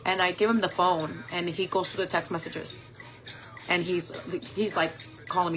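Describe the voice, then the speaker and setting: A woman's voice: fairly low pitch, fairly even intonation, normal speed, a bit bright, soft background music. A woman in her forties telling a personal story in a candid, rambling way, full of "like" and "um". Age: 40s. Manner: rambling, candid, heavy use of "like" and "um". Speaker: makeup vlogger.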